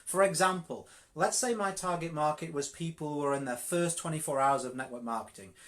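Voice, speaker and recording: A man's voice: on the high side, fairly quick, fairly bright tone. A man with a Yorkshire accent giving a live-streamed network marketing coaching talk, direct and emphatic, often repeating words for stress. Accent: Yorkshire English.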